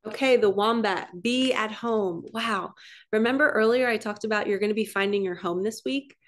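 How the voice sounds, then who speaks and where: A woman giving a casual, excitable oracle card reading as a spiritual coach, chatty with gasps of wonder. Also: medium pitch. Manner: chatty and excitable, frequent laughs and gasps, quick then drawn-out.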